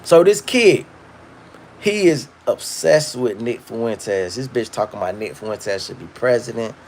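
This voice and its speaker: A man hosting a livestream, ranting in a loud, profane, rambling way and reading viewer comments. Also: mid-range voice, lively intonation, a little slow. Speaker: livestream host. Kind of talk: casual livestream rant.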